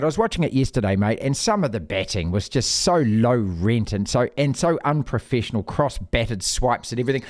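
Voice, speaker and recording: A middle-aged man with a New Zealand accent hosting a sports podcast, blunt and mocking in his opinions. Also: medium pitch. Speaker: podcast host.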